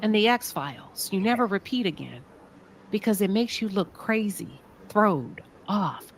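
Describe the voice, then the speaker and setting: A woman's voice: mid-range voice, lively intonation, measured pace, a little hiss or hum. A woman with a Southern American accent hosting a live talk show, asking pointed, sassy rhetorical questions. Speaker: show host.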